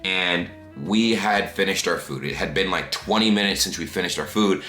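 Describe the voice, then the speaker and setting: American male vlogger, deep voice, storytelling, room echo. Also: moderate pace, faint music behind. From United States. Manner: animated anecdote telling, acts out little scenes. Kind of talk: casual storytelling vlog.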